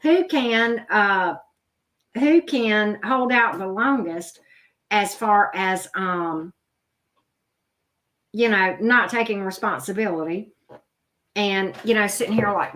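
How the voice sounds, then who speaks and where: A woman's voice: medium pitch, takes it slowly, long pauses, fairly bright tone. A middle-aged woman doing a live tarot reading, chatty and blunt, talking straight to her viewers. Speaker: tarot reader. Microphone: video camera.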